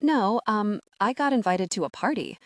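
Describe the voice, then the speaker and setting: A woman's voice: medium pitch, lively intonation, moderate pace, no room sound, clean studio sound, voice pushed up, lightly acted. A woman voicing a young male hockey player who talks in a light, casual, reassuring way.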